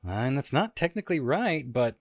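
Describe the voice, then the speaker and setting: Guy hosting a lyrics quiz, laughs a lot, very dry close sound, lots of pitch swing. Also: sing-song, a little fast, no room sound. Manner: playful, laughs often, sings lyrics in a high falsetto. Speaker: host running a lyrics quiz. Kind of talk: casual podcast chat.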